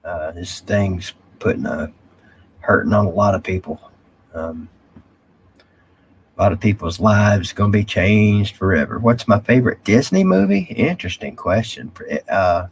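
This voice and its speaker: A man's voice: on the low side, animated, moderate pace, gravelly, slight background noise. A man hosting a casual live stream, rambling and reading viewer comments aloud.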